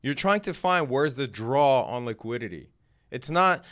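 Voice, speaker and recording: A man's voice: medium pitch, very animated, measured pace, a bit bright. A man hosting a live day trading stream, talking in a casual, slangy, laid-back way and laughing often. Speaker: day trading livestream host.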